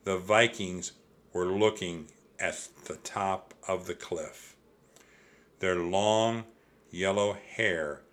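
A man narrating a children's audiobook in a slow, measured way. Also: low-pitched, a bit bright.

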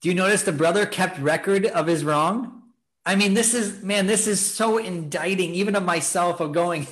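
A man preaching earnestly on a faith podcast, urging his listeners on. His voice sits a little high for a man. He now and then acts out what people in the story think. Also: normal speed, a bit bright. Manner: earnest, exhorting, acts out quoted thoughts. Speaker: podcast host teaching on scripture. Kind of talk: preaching talk, casual.

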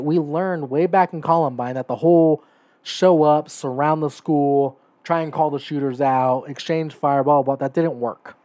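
A podcast host delivers opinionated solo commentary, speaking emphatically, often checking in with "right?" and "okay?", and getting more heated. His voice is mid-range with a darkish tone, and the recording is dry.

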